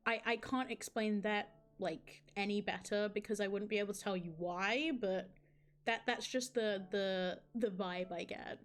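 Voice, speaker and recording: A woman's voice: mid-range voice, steady tone, unhurried. A woman streamer reading a visual novel aloud and chatting with viewers in a rambling, self-mocking way, with frequent restarts.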